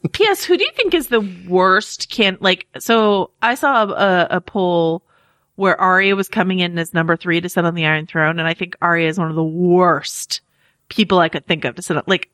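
A bright, forceful-sounding woman co-hosting a podcast, chatty and self-mocking, with frequent laughter. Her voice sits at a middle pitch, very close and dry on the mic, with no room sound at all. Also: normal speed, no room sound. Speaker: podcast co-host. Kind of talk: casual chat.

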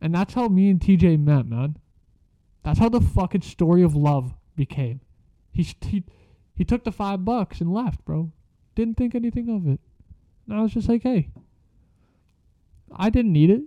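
Young guy rambling a story, swears nonstop, slightly high voice, dry muffled mic. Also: animated, moderate pace, warm tone, dry recording. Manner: slangy, swears constantly, rambling. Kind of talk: casual storytelling.

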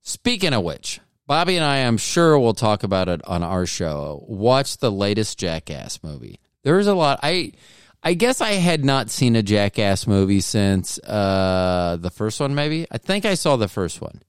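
A man's voice: fairly low pitch, sing-song, unhurried, smooth, dry recording. A male podcast host talking in a casual, rambling monologue full of self-mocking, jokey asides, close on the mic.

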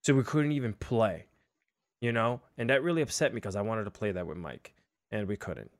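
A man's voice: lowish voice, expressive, fairly quick, no echo, clean studio sound. A young man hosting a casual livestream, chatty and self-deprecating, with lots of fillers. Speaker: livestream host.

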